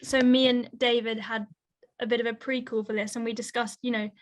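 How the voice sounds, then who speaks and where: A woman's voice: on the high side, level tone, brisk. A young woman, a conservationist and author answering interview questions in an articulate, earnest way. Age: young adult.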